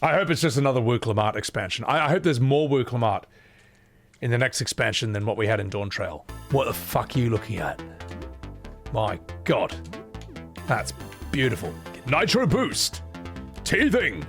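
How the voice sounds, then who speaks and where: A man's voice: mid-range voice, sing-song, moderate pace, long pauses, a bit bright, faint music behind. A man with a put-on Scottish accent, live-streaming a horror game and chatting casually with viewers, swearing freely and thanking chat. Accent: exaggerated put-on Scottish.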